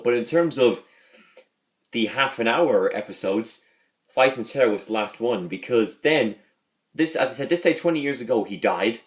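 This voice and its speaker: A man hosting a casual video, rambling as he talks, repeating words and restarting his sentences. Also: medium pitch. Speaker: video host reviewing a sitcom. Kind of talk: casual vlog talk.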